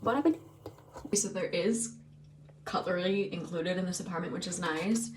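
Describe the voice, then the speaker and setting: With a lowish voice at a moderate pace, a twentysomething American woman abroad for study talks casually to her camera. Laughs and "like" fillers run throughout, and the handheld recording from her apartment and the streets is noisy.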